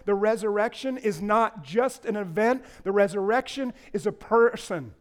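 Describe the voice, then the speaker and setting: A man preaching a sermon as pastor, rising to loud impassioned lines and dropping low, with playful asides to the congregation. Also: clear, resonant tone.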